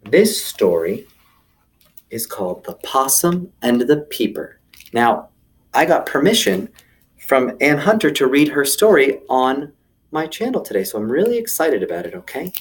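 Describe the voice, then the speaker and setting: Playful, lively-voiced man teaching kids. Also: medium pitch, a little slow. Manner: enthusiastic, playful, talks to kids directly. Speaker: children's teacher. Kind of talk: children's video lesson and read-aloud.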